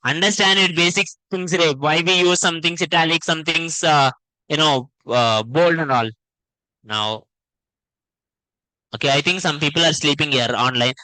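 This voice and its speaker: A man's voice: a little high, normal speed, sharp tone, no echo, low-quality recording. A man teaching an online coding class. He explains in short, repeated phrases and keeps checking in with "okay?" and "right?".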